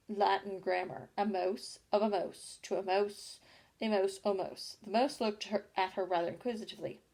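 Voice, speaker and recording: A woman reading a storybook chapter aloud at an unhurried pace, with small slips and self-corrections. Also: medium pitch, gravelly, a little mellow. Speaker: audiobook reader.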